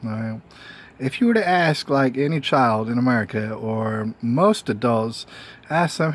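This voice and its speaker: A man's voice: mid-range voice, lively intonation, moderate pace, a bit bright. A man hosting his own show, talking in a loose, meandering monologue full of fillers and rhetorical "all right?" checks. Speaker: host. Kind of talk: casual monologue.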